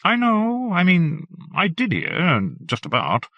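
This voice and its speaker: A man reading aloud and voicing a shy, awkward young man abroad who talks in a halting, nervous way. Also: high-pitched, wildly swooping pitch, dry recording, highs cut off, voice pushed up, exaggerated voice.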